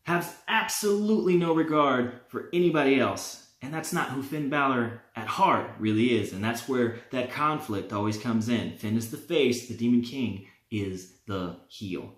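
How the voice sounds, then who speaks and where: A man hosting a wrestling vlog, talking in an animated, opinionated way and laughing now and then. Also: medium pitch, normal speed, hardly any pauses. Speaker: wrestling vlogger. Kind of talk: casual fantasy-booking talk. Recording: roomy, echoey.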